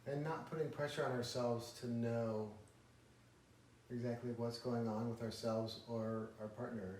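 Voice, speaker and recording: A man's voice: mid-range voice, steady tone, unhurried, darkish tone. A married man in a casual interview, reflective and telling stories about his relationship. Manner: reflective, storytelling. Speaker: married guest. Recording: roomy echo, distant mic, faint noise.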